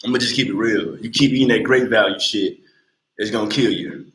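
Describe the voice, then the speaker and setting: A man in his late twenties talking bluntly and with lots of swearing on a casual livestream, telling animated stories. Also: on the low side, brisk, roomy sound, rough recording. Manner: blunt, profane, animated storytelling. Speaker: livestream host.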